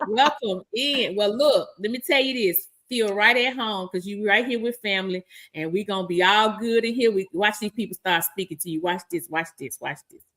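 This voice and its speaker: A woman's voice: medium pitch, brisk. A woman co-hosting a live-streamed talk show, laughing often and reading viewer comments aloud. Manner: lively, laughs often, reads chat aloud with warm greetings.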